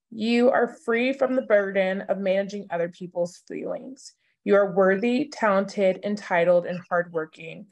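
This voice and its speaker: Woman, cast member, reads affirmations in a steady, earnest voice. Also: medium pitch. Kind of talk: reading self-affirmations.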